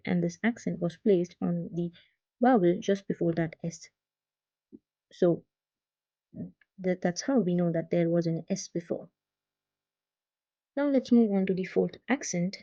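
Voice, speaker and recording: Gravelly-voiced woman teaching a language lesson. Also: lowish voice, warm tone, no echo, muffled recording. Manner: patient, repeats each example word slowly. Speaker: French teacher.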